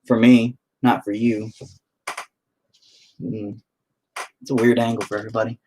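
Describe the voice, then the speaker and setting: A man's voice: mid-range voice, sing-song, moderate pace, pauses often, darkish tone, slightly rough. A man talking to himself while painting, casual, profane and self-mocking, rambling and frustrated as he thinks aloud. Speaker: painting vlogger.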